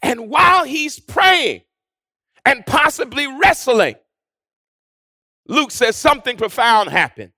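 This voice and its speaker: A man preaching a sermon, building to shouted, rhythmic repetition and then dropping to hushed, drawn-out phrases. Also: very high voice, big pitch swings, dry recording, studio quality.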